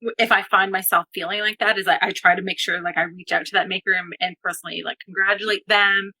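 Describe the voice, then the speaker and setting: A woman in her thirties chatting as a guest, encouraging and chatty, with a warm supportive tone. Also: medium pitch, steady tone, fast talker, husky, no room sound, rough recording. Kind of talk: casual chat.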